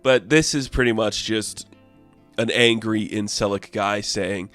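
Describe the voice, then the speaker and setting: Man, lowish voice, casual comic review, rambling and amused, faint music underneath. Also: a little slow, fairly bright tone. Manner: rambling, filler-heavy, amused.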